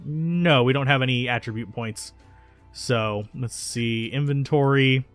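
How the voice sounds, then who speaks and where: A man's voice: medium pitch, a little slow. A man hosting a let's play, commenting casually on the game and correcting himself as he goes. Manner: chatty, self-correcting. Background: faint game music.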